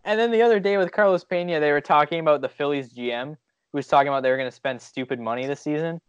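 A man's voice: a little high, quick pace, clear, resonant tone, no room sound. A man co-hosting a casual baseball chat, critical of broadcasters and laughing often. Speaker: podcast co-host. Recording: dull dry lo-fi sound.

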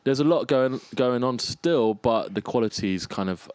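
A man, a freelance arts producer, talking in a relaxed, reflective way as a guest in a casual conversation. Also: medium pitch, moderate pace, clear, resonant tone, dry recording. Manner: reflective, restarts and lists ideas, animated about music.

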